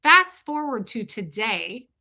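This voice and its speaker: A woman's voice: fairly high pitch, slow. A woman in her forties hosting a livestream, telling a personal story frankly with lots of "like" and "right?". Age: 40s. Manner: frank and animated, swears, frequent "right?" and "like". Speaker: livestream host.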